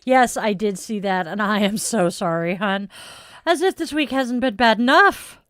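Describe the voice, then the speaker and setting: Woman rambling on a stream, sighs a lot, smooth voice. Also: mid-range voice, animated, moderate pace, a bit bright. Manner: rambling, self-deprecating, sighs often. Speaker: streamer chatting with viewers. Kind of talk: casual live-stream chat.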